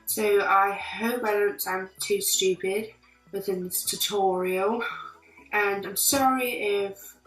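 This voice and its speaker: A woman's voice: mid-range voice, fairly even intonation, takes it slowly, a bit bright. A woman talking through a makeup tutorial in a put-on British accent, chatty as she walks through each step. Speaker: beauty vlogger. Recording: roomy, distant mic, faint music.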